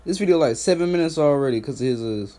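A young man doing profane, mocking trash-talk commentary on a stream, laughing and calling people out in a put-on higher voice. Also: expressive, fast. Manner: mocking, laughing, loud call-outs; put-on higher voice instead of his deep one. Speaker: YouTube commentator.

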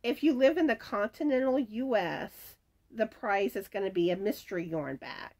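A woman's voice: mid-range voice, normal speed, darkish tone. A middle-aged woman, chatting at home as she reads viewer comments and announces giveaway winners, often laughing. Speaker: crochet channel host announcing giveaway winners. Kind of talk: casual chat, reading viewer comments aloud. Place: at home, screen door rattling in the wind.

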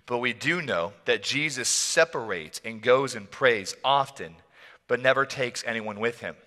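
A man preaching a sermon as a pastor, telling the story in an animated, playful way with frequent laughs. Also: mid-range voice, measured pace. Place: church hall. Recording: long church hall reverb.

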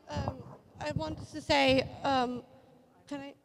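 A woman with a high voice gives a halting, heartfelt thank-you speech, emotional and near tears. She stops often to search for her words. A long reverb from the hall trails after each phrase. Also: steady tone, vocal fry. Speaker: model. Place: event hall.

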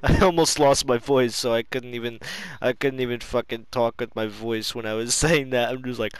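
A young man chatting casually with a friend, giggling constantly, swearing freely and breaking into loud laughing shouts. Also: medium pitch, steady tone, moderate pace, hardly any pauses, clean tone, no room sound. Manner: crude, swears a lot.

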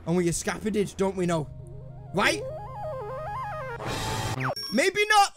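A man's voice: high-pitched, huge pitch swings, takes it slowly, pauses often. A man with a British accent doing sarcastic let's play commentary, swearing and muttering to himself. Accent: British English. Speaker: gaming YouTuber. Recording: game music behind.

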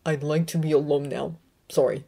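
A grieving young man in a storybook, withdrawn and curt, who answers in a low, quiet, clipped voice, as a woman reads him. He gives short replies and keeps people at a distance. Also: little pitch movement, moderate pace, vocal fry, husky, heavily acted.

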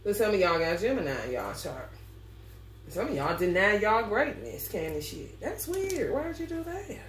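A woman's voice: mid-range voice, moderate pace. A woman tarot reader telling stories to her viewers in a casual, profane way, laughing often as she talks. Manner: animated, laughs often, heavy swearing. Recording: roomy echo, mic at a distance, faint background noise.

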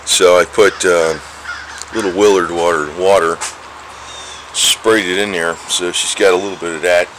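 A man filming cats on a handheld camera outdoors, rambling casually and chuckling, talking to the cats in a high coaxing voice. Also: fairly even intonation, moderate pace, fairly bright tone. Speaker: vlogger. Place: outdoors near steps. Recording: noisy outdoor camera audio.

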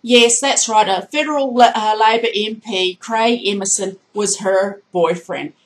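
A woman's voice: medium pitch, unhurried, rough recording. A woman vlogging a heated political rant, indignant and emphatic, hammering her points by repeating them. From Australia.

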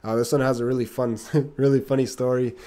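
A man teaching an online lesson on plants in a casual, halting way, with many fillers, restarts and laughs. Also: mid-range voice, flat delivery, mellow. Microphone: computer mic.

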